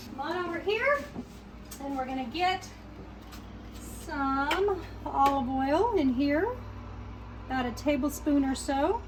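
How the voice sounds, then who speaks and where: A woman's voice: high-pitched, takes it slowly. Chatty woman cooking in her kitchen. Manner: chatty, self-mocking, talks to herself while cooking. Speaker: cooking vlogger. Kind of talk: casual cooking video. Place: home kitchen. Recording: clear kitchen noise behind. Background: clattering dishes and pans.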